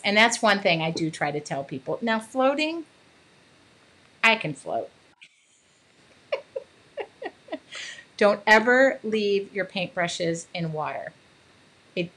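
A woman's voice: mid-range voice, fairly bright tone. A woman hosting a casual livestream about art, chatting with viewers and laughing often. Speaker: art channel host. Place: home art studio.

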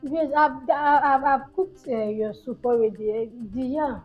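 A woman's voice: high voice, a little slow. A woman acting a timid pregnant young wife who pleads and stammers. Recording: dull lo-fi sound with faint music.

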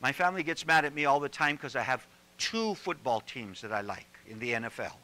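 A man preaching a sermon as a pastor, animated and joking, often repeating words as he builds up. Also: medium pitch, brisk, poor audio.

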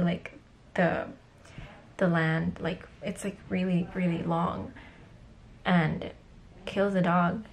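A young woman with a fairly low voice tells a distressing story straight to camera as a vlogger, full of fillers and restarts. She sounds shaken and near tears, and a faint hiss sits under the recording. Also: gravelly, a little mellow. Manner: upset, tearful retelling with many fillers.

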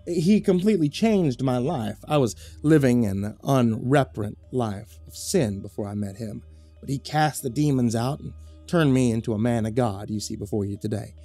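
A man doing a smooth-talking southern gentleman. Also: medium pitch, normal speed, faint music behind. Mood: earnest. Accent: put-on Southern US drawl. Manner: earnest, pious, flattering.

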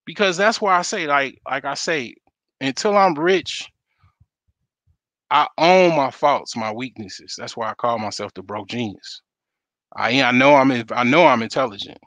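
A man's voice: mid-range voice, unhurried, a bit bright, dry recording. A man hosting his own show, ranting in a blunt, profane, casual monologue. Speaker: host.

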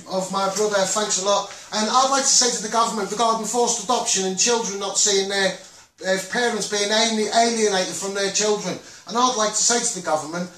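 A man's voice: high voice, brisk, pushed and bright. A man with a Scouse accent hosting a Facebook live, talking in a rambling, impassioned way with many restarts. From Liverpool. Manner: rambling, repetitive, with frequent restarts and "um"s. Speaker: Facebook live host and campaigner. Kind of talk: impassioned live stream monologue. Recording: roomy echo, distant from the mic.

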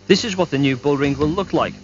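A man reporting and narrating a television news special in a measured, scripted way. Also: on the high side, music in the background. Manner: measured, even reporting delivery. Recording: dull late-1990s TV broadcast audio.

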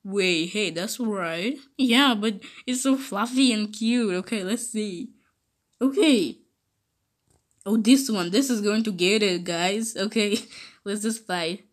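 A woman playing a game and role-playing with characters, giggly and excitable. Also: mid-range voice, slow pace. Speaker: channel host. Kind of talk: playful role-play over gameplay.

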